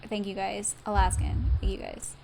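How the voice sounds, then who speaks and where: A woman streaming a game live, reacting excitably, swearing and talking to her chat. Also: mid-range voice, normal speed, gravelly, noisy background. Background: game music.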